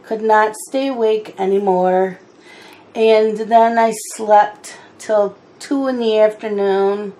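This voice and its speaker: A middle-aged woman chatting casually while she colors, unhurried, with wry asides and a bout of hiccups. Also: mid-range voice, steady tone, dark tone. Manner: chatty, slow and unhurried, mildly exasperated asides. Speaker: coloring channel host.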